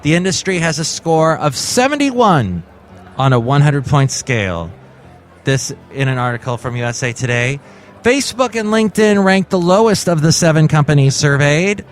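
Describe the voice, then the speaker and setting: A man's voice: a little high, animated, moderate pace. A man hosting a comedic solo podcast and riffing playfully on the day's stories. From California. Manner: jokey, playful delivery. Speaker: podcast host.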